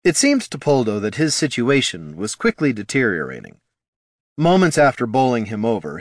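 A man narrating a fantasy story in an expressive storytelling manner. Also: on the low side, dry recording, studio quality. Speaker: audiobook narrator.

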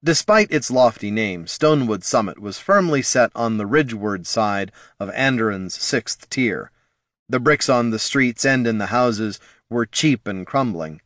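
A man narrating a fantasy audiobook in a steady, measured way. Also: medium pitch, no room sound, clean studio sound.

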